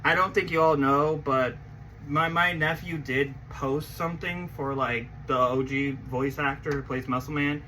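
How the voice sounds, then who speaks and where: A young man hosting a casual reaction vlog, excitable, swinging from mumbling to yelling and swearing often. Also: on the high side, unhurried, slight background noise, low-quality recording. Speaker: channel host reacting to a movie trailer.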